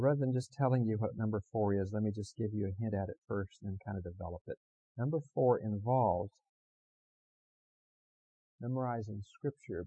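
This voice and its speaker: A man preaching a sermon as pastor, swinging between loud emphatic passages and quiet conversational asides to the congregation. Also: fairly low pitch, slightly rough, lo-fi sound.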